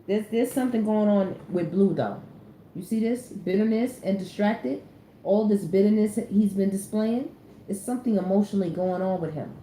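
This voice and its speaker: A woman gives a casual, slangy tarot reading, hammering her points home by repeating them. Her voice is mellow and warm. The recording has a roomy echo, with a faint hum underneath. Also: mid-range voice, moderate pace. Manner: chatty, slangy, repeats phrases for emphasis. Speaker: tarot reader.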